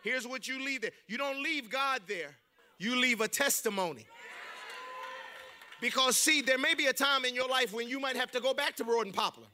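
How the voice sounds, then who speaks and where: A male preacher delivering a rousing call-and-response sermon, swinging from quiet to shouting. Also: very high-pitched, normal speed, a little hiss or hum.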